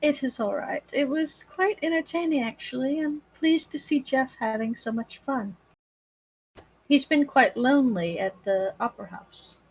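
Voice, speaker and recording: A woman's voice: sits high, normal speed, slightly rough, low-quality recording. A woman speaking in character as a player, prim and formal. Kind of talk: in-character role-play.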